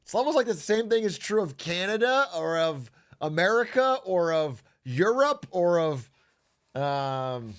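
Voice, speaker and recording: A man's voice: high voice, very animated, measured pace, clear, resonant tone. A man chatting casually on a livestream, joking and reading messages from chat aloud. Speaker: streamer.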